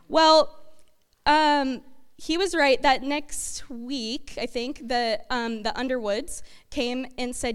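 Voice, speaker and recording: A woman giving a talk to her church congregation, halting and full of fillers. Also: high-pitched, fairly bright tone, smooth. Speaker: church speaker. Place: church hall. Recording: echoey hall reverb.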